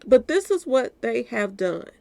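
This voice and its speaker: Gravelly woman chatting to viewers. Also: a little high, big pitch swings, measured pace, a little mellow, no echo. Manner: talks straight to viewers, repeating "y'all". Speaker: commentary channel host. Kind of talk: casual commentary to viewers.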